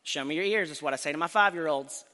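A man preaching a sermon to a congregation, earnest and emphatic, slowing down to stress key phrases. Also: on the high side, pushed and bright. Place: church sanctuary. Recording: church hall reverb.

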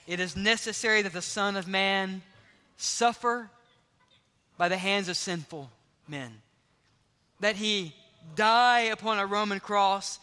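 A male pastor preaches a sermon emphatically in a high, bright, clean voice, often dropping to a hush for stress. His words ring out through a large hall with long reverb.

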